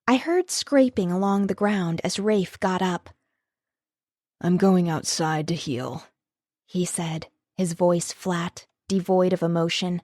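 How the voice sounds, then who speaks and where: A woman's voice: a little high, darkish tone, no echo, studio quality. A woman reading a first-person novel as an audiobook narrator, with an emotive reading style.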